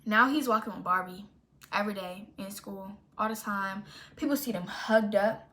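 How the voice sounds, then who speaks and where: Sassy bright-voiced young woman. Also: mid-range voice, moderate pace. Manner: animated, sassy, exaggerated retelling. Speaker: storytime vlogger. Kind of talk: casual storytime.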